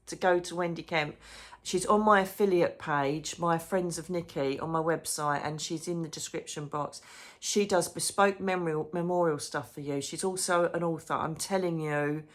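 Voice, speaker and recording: A woman chatting emotionally in a casual diary vlog from a hotel room. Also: deep voice. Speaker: psychic medium vlogger.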